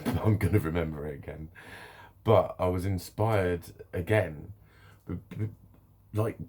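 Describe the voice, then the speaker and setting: Rambling man, slightly low voice. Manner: rambling, profane, animated storytelling. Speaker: vlogger. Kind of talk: casual monologue to camera.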